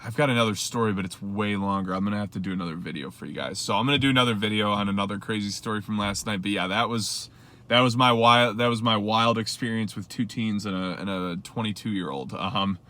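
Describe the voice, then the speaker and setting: A young man with a bright, forceful voice recounts a story in a loose, rambling way. He piles on fillers and acts out quoted asides as he talks to his viewers. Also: lowish voice, fast. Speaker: rideshare driver vlogger. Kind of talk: casual storytelling to camera.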